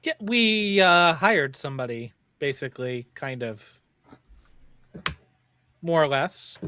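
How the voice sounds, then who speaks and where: Guy playing dnd, joking, kinda high voice, dry no room sound. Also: animated, slow pace, bright, forceful tone, clear, resonant tone, dry recording. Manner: wry, joking in character. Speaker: player. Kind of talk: casual tabletop game chat.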